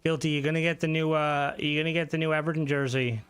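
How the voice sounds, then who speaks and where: This man is a gaming streamer on a live broadcast. His voice sits a touch high, and he rambles as he reads and answers chat. He swears freely and flares into excited outbursts mid-game. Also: fast, clear, resonant tone, no echo. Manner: excitable outbursts during gameplay. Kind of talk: casual gaming livestream chat.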